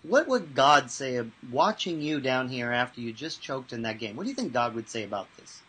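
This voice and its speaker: A man who works as a mental toughness trainer, answering interview questions and telling lively anecdotes with acted-out voices. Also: mid-range voice, fairly quick, husky, poor audio. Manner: animated, acts out voices in anecdotes.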